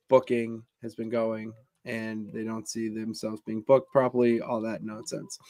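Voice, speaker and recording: A man's voice: medium pitch, smooth, dry recording. A man co-hosting a casual wrestling podcast, easygoing and laid-back as he gives his takes. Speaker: podcast co-host.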